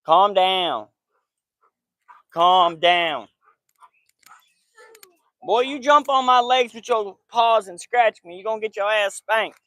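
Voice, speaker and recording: A man's voice: extremely high pitch, normal speed, bright, forceful tone, no room sound. Laid-back man in his thirties chatting outdoors. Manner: loose, slangy talk, scolding the kids and dog between chatting to viewers. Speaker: football podcast host. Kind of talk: casual vlog chat. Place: outdoors at home by the backyard and porch.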